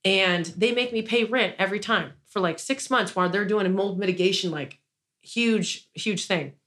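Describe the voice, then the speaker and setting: A woman who owns a business tells stories loosely as an interview guest, rambling with frequent "like" and restarts and an indignant undertone. Her voice is medium-pitched and a bit bright, at normal speed.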